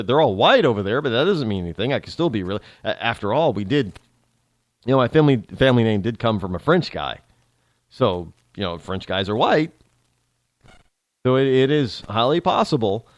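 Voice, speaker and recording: A man's voice: medium pitch, no room sound. A man hosting a talk show, delivering a rambling casual monologue with lots of restarts and repetition. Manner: animated, rambling, repeats himself and spells out names.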